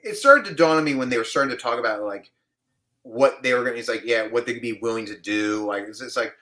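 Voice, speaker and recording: A man from New York, an actor, telling an animated story in a casual interview and acting out the people in it. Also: mid-range voice, fast. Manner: animated storyteller, acts out other people's voices.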